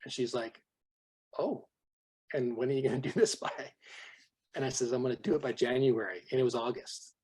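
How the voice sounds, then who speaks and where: A man's voice: mid-range voice, quick pace, husky. A man telling personal stories to his sales team on a call, acting out dialogue, his voice worn from a long night of talking. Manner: animated storyteller, acts out quoted dialogue. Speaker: guest trainer on a team call.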